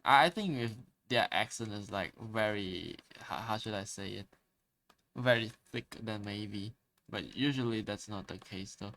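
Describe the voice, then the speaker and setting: A man's voice: lowish voice, unhurried, creaky, a bit bright. A man streamer in casual live chat, talking hesitantly with stammers and restarts as he searches for words. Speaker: art streamer.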